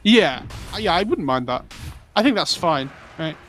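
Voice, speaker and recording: Bright, chatty male esports analyst. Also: a little high, very animated, moderate pace, faint music behind. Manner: chatty explanatory, builds to hype. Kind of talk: color commentary.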